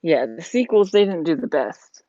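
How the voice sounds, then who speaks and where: A vlogger talks through a build in a loose, rambling way, full of "like" and "you know." The voice sits at a middling pitch. The sound is dull and lo-fi. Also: big pitch swings, normal speed, mellow, no echo. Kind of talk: casual chat while building.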